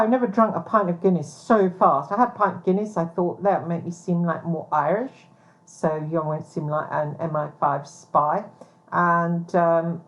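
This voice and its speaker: A woman giving a rambling personal monologue as a vlogger, hesitant with many ums, blunt and swearing. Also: lowish voice. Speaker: private investigator vlogger. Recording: dull lo-fi recording.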